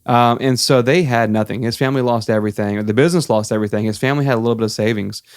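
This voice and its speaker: A man from Florida, co-hosting a podcast and telling a story in a relaxed way, full of ums. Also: mid-range voice, very fast, clear, resonant tone, no echo, studio quality. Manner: relaxed, filler-heavy with many ums.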